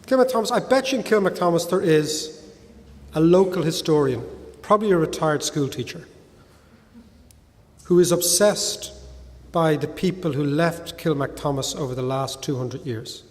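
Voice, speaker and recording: A middle-aged man with a Dublin Irish accent, speaking to an audience in a lively, conversational way, peppering points with "right?". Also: a little high, moderate pace. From Ireland. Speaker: guest speaker. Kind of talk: talk with audience Q&A. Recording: hall reverb.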